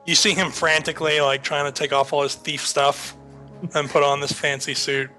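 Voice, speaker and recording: Male game master, bright and flat delivery, measured scene narration. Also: a little high, soft background music.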